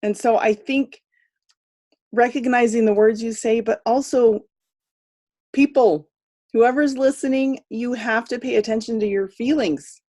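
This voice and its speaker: A woman hosting a casual chat on a video call, speaking in a warm, affirming way. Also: fairly high pitch, fairly even intonation, a little slow. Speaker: host.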